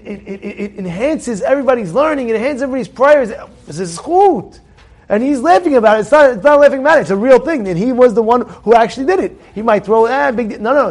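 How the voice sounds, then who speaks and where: A man teaching an informal Torah class in a synagogue study hall, animated and repetitive, firing rhetorical questions at his listeners. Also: high voice. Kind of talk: informal Torah lesson to a congregation.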